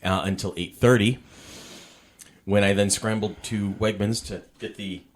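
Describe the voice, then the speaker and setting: A man's voice: lowish voice, fairly even intonation, unhurried. A middle-aged man hosting a casual podcast chat from his dining room, rambling and self-deprecating with lots of restarts. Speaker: podcast host. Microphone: portable podcast setup.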